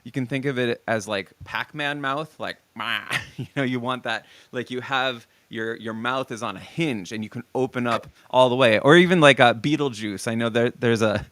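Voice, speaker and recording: A man's voice: mid-range voice, moderate pace, few pauses, no room sound. Easygoing guy teaching singing, lots of ums, medium voice, dry room. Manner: relaxed, lots of ums and restarts. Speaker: vocal coach. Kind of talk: casual singing lesson.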